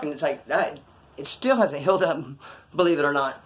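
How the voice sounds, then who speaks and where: Talking to camera at a moderate pace, a man with a slightly high voice recounts something from his past. His telling is casual, profane and full of slang, and he acts out the voices of the people involved.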